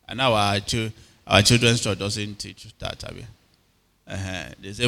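A pastor with a Nigerian accent preaches a sermon in a fairly low, creaky, bright voice, forceful in tone with fairly even intonation at normal speed. He keeps questioning his congregation and calling back to them, and long hall reverb surrounds his words.

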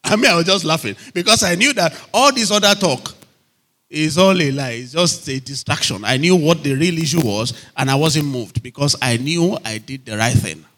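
This preacher's voice is a little high, bright and forceful, with lively intonation and a moderate pace. He drives his sermon home emphatically, repeating phrases and asking if the audience is still with him.

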